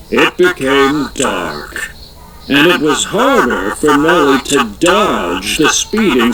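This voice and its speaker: Slow, very animated storybook narrator man. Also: on the high side, rough recording. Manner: slow, expressive, playful. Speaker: audiobook narrator. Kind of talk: children's storybook reading.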